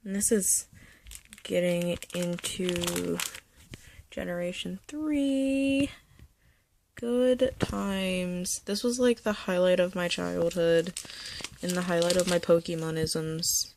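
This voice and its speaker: Chatty young woman with a gravelly edge. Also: on the low side, takes it slowly, background noise. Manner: chatty, nostalgic, drifting into soft whispers. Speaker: vlogger showing a card collection. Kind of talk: casual chat. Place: bedroom.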